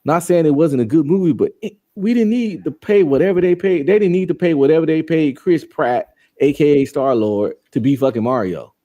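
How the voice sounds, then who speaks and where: A man co-hosting a podcast in casual chat, slangy and opinionated, quick to agree. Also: fairly high pitch, lively intonation, mellow. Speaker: podcast co-host.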